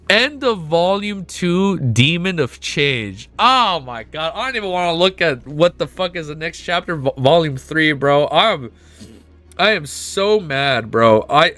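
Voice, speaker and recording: Excitable swearing man streamer, lively pitch. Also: takes it slowly. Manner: excitable, emotional, swears constantly. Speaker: streamer reacting to a webnovel. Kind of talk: livestream reaction and reading aloud. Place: at home with his dog.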